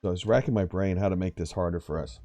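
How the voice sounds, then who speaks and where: A man's voice: sits low, quick pace, warm tone, no echo, soft background music. A young man hosting a casual multiplayer game stream, joking and laughing often with his teammates. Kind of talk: casual gaming chat.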